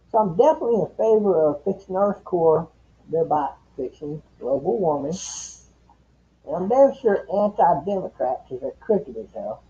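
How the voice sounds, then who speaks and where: A man's voice: a little high, mellow. A man hosting a casual late-night chat stream, rambling, profane and opinionated. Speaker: livestream host. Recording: dull lo-fi stream audio.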